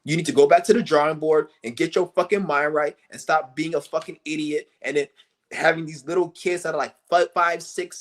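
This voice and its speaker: A man streaming a furious, cursing rant who mocks the people he criticizes in shrill put-on voices. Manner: angry, cursing, mocking; breaks into high mocking impressions of others. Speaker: livestream host. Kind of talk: profane rant to camera.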